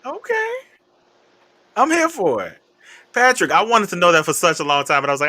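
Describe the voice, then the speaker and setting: A man hosting a casual livestream chat, animated and laughing, calling out viewers' names. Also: fairly high pitch, brisk. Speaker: livestream host.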